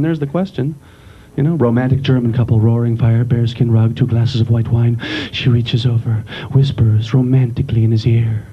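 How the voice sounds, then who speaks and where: A man doing a stand-up comedy set on a club stage, lively and quick to slip into silly accents. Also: medium pitch, slightly rough. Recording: dull lo-fi live club recording. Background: audience laughter and room noise.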